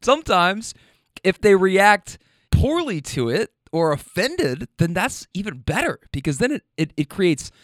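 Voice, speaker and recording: Man, host, casual commentary, chuckles a lot, slightly high voice, dry dead room. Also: very animated, measured pace, dry recording. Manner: laughs often, loose rambling asides. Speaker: host reacting to clips.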